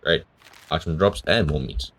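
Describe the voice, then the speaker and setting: Very deep-voiced man playing a game. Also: moderate pace, fairly bright tone. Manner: reads game text aloud, bemused asides. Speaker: gamer. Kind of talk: let's play commentary.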